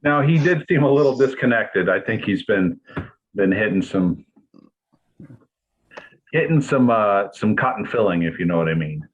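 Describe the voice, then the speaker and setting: A man playing a trivia game over a call, making wry deadpan jokes. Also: on the low side, normal speed, long pauses, dull audio, slight background noise. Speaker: quiz contestant. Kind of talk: casual chat on video call.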